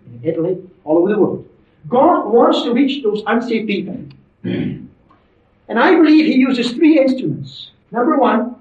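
High, animated male preacher, distant and roomy. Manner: emphatic, conversational preaching with asides. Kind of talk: sermon. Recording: roomy, distant, dull lo-fi sermon recording.

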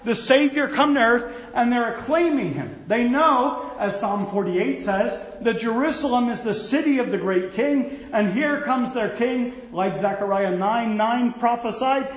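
A man preaching a sermon, folksy and animated, with storytelling asides. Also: extremely high pitch, unhurried, echoey room, rough recording.

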